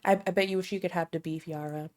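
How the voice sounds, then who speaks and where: A woman's voice: lowish voice, fairly even intonation, fast talker, a little mellow. An American woman chatting casually on a live stream, bubbly and self-deprecating, laughing often. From United States.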